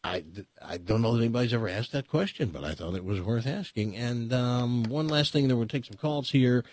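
A man's voice: medium pitch, a little fast, darkish tone, a little hiss or hum. A man with an American accent hosting a talk radio show, opinionated and rambling, with many restarts and fillers. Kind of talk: casual talk radio monologue. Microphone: studio microphone.

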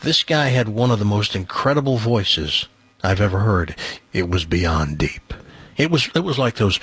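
An older man hosting a radio show, telling stories in casual studio chat and dropping into a deep voice for quotes. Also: normal speed, husky, dry recording. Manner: animated storyteller, drops into a deep put-on voice for quotes.

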